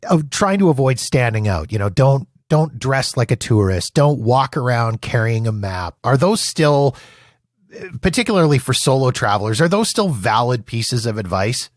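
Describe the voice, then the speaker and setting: Man host, storytelling, self-deprecating, dry close sound, mid pitch. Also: sing-song, moderate pace, dry recording. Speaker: podcast host. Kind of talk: conversational interview.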